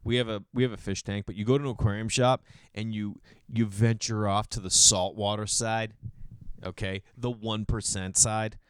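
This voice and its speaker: A man from Boston talks to his listeners in a loose, comedic monologue. His voice is smooth and resonant, recorded dry and close with no room around it. He rambles, jumps up loud for acted-out bits and drops into low mumbles, calling everyone dude. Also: fairly even intonation, normal speed, no echo. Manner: swears casually, calls listeners dude. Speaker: podcast host and comedian.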